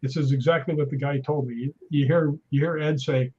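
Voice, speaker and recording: A middle-aged man, a stuntman guest, telling animated anecdotes in a casual conversation. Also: fairly high pitch, brisk, slight background noise. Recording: dull lo-fi sound.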